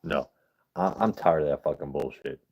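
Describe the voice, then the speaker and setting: A man's voice: rumbling low, moderate pace, dull audio. A man hosting a casual livestream, rambling and swearing as he chats with his viewers. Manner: rambling, profane, chatting with viewers. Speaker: livestream host.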